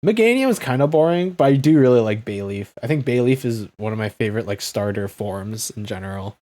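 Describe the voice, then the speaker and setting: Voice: medium pitch, animated, a little fast, warm tone. A streamer chatting casually and rambling with fillers while playing a game.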